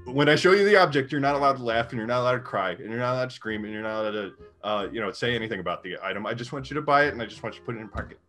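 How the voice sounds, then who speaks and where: A man's voice: mid-range voice, very fast, hardly any pauses, a bit bright, soft background music, natural voice. A man improvising a pushy male carnival hustler who rambles and sets fussy rules. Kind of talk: improvised comedy role-play.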